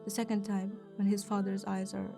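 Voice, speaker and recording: Young woman, interview guest. Earnest and halting, with a flat delivery over a music bed. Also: medium pitch, vocal fry. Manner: earnest, halting, with frequent restarts. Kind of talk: interview answers, retelling a religious story.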